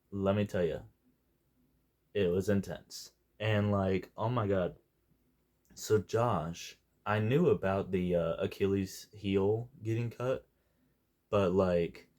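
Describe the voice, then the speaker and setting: A man's voice: fairly low pitch, darkish tone. A young man giving a casual, unscripted movie review, rambling and jokey and wandering off on tangents.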